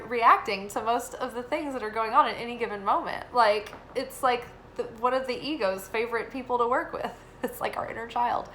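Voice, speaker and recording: Young woman, bright and fairly high voice, rambling casual reading with lots of fillers. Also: slight background noise, poor audio. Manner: rambling, filler-heavy, animated when quoting. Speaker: tarot reader. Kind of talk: casual spoken reading and storytelling.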